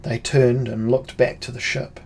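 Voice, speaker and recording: A man reads a fantasy audiobook, measured and unhurried. His voice sits at a plain middle pitch, and the storytelling is steady and deliberate. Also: breathy edge. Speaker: audiobook narrator. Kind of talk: scripted fantasy narration.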